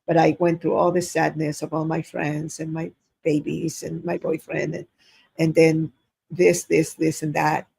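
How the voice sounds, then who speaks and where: Gravelly husky older woman storyteller. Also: low voice, unhurried. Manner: animated, acts out dialogue, repeats words. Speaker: guest. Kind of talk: casual storytelling interview.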